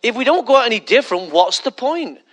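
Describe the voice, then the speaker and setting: A man's voice: very high-pitched, big pitch swings, fast talker. A male pastor preaching a conversational sermon full of rhetorical questions and mocking asides.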